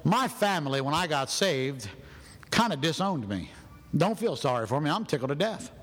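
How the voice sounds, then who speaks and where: A man preaching a sermon in a church, animated and loud, acting out people's excuses in his own voice. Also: fairly high pitch, normal speed. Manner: animated, shouting, acts out other people's excuses. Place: church sanctuary. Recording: long hall reverb in a church.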